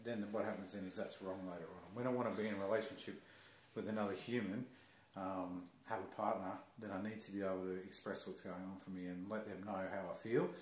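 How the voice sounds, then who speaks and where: A man calmly explaining ideas in a measured, teacher-like way during a casual talk. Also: deep voice, a little hiss or hum. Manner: calm, slow, explaining like a teacher. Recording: roomy echo.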